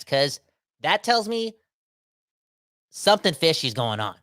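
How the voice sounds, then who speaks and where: Excitable young man, bright and dry. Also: mid-range voice, a little fast, dry recording. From Canada. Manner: animated, emphatic, keeps saying "man". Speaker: podcast co-host. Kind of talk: excited sports podcast chat.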